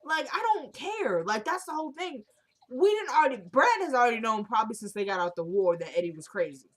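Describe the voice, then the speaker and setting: A woman's voice: on the high side, lively intonation, brisk. A woman casually recapping a TV drama episode, chatting and acting out the characters' lines as she retells them.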